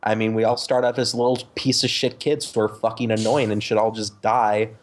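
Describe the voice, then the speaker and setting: A lower-voiced man chatting on a casual podcast. He is sardonic and profane, and he stops often for ums and uhs. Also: flat delivery, a little fast. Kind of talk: casual group podcast chat.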